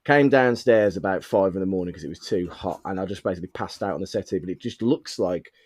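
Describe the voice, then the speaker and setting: A man's voice: low voice, fast talker, darkish tone, breathy edge, no room sound. A young man from the of England, chatting casually and telling rambling stories with plenty of swearing. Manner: rambling storyteller, swears freely. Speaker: podcast host. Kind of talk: casual chat.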